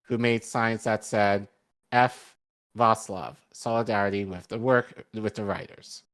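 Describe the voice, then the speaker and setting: Guy with a bit of boston accent reading an article out on his news show, lowish voice, lots of ums and restarts. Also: fairly even intonation, a bit bright, clean tone. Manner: halting, many ums and self-corrections. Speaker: podcast co-host.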